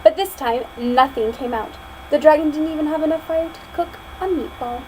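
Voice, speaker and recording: A woman's voice: sits high, normal speed, slight background noise, rough recording. A young woman reading a picture book aloud as a student, telling it expressively and then chatting casually about it. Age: young adult. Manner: expressive storytelling, chatty afterward. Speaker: student reader.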